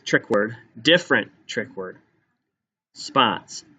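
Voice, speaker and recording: A male teacher slowly dictating a spelling test, sounding out each word and repeating it for young students. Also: medium pitch, animated, bright, forceful tone, breathy edge. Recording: dull lo-fi recording.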